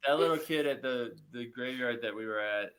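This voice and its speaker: Earnest man guest, halting, reflective casual talk. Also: medium pitch, crowd noise. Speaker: paranormal investigator guest. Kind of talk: casual chat.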